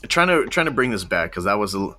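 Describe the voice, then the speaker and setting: A young man chatting casually as a podcast co-host. His voice sits low but sounds bright and forceful. He rambles loosely, leaning on fillers and laughing often. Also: very animated, fast talker. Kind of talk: casual chat.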